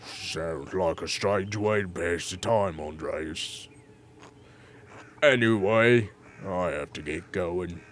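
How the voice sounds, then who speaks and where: Man playing a blunt old mountain guy, low and slow, kinda dismissive. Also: slight background noise. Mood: dry. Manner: dry, blunt.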